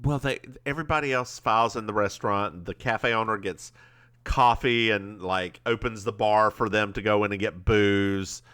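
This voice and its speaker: A man co-hosting a podcast, recapping a TV episode in a rambling, animated way. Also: on the low side, normal speed, clean tone. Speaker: podcast co-host.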